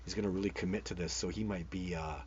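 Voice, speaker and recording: A very low-voiced Canadian man hosts a live show, chatting loosely as he answers viewer comments. He rambles, restarts often and gets excited. The sound is dull, with a faint hiss under it. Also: quick pace. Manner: rambling and enthusiastic, many restarts. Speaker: host of a live Bigfoot show.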